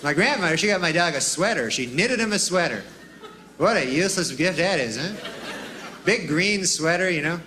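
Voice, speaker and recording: A man doing a stand-up routine in a drawling, deadpan way, with rambling asides. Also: on the high side, normal speed. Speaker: stand-up comedian. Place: comedy stage before a live audience. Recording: live club recording with audience laughter and noise.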